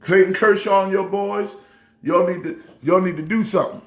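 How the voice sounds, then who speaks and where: A man's voice: high voice, fairly even intonation, normal speed. A pastor hosting a casual sports vlog, talking emphatically and rambling through his trash talk. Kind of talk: casual sports chat to camera. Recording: echoey room.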